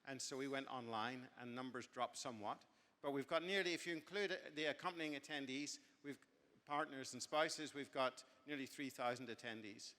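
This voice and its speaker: Man, genial after-dinner speaker, rambling and self-correcting, bright tone, long hall reverb. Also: mid-range voice, fairly even intonation, moderate pace. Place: banquet hall.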